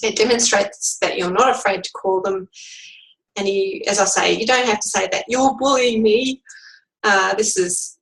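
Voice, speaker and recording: A woman coach giving a calm, measured instructional lesson on handling workplace bullies. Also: medium pitch, gravelly, poor audio. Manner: calm, measured, demonstrates sample replies.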